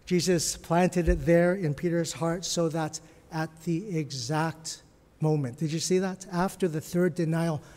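A man preaching a sermon as pastor, dropping to hushed whispers and then rising to loud, emphatic bursts. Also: a little high, fairly even intonation, unhurried. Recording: long reverb of a large hall.

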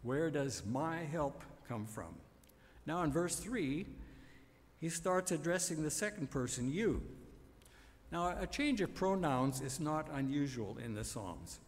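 A man's voice: fairly high pitch, lively intonation, takes it slowly, in a large hall. A man preaching a sermon on a psalm, emphatic and building to repeated refrains.

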